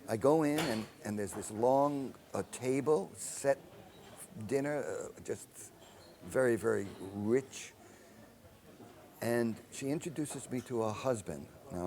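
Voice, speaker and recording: An older man and composer telling anecdotes in an interview, animated and acting out the dialogue he quotes. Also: on the low side. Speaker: film composer.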